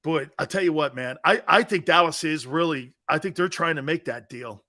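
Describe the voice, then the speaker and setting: A man hosting a sports talk show, brash and loud, laughing a lot, swearing and answering chat comments. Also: a little high, normal speed. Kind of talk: casual sports radio chat.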